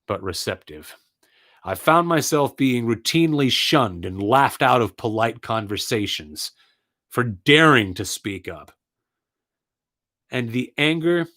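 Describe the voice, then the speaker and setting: A man's voice: mid-range voice, a bit bright. A man giving an earnest personal monologue, telling his story with indignant, emphatic repetition.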